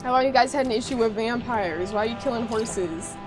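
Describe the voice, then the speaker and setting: A woman streamer chatting casually while playing a game, reacting loudly and reading chat messages aloud, with game music behind her. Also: on the high side, a little fast. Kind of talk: casual live gameplay chat.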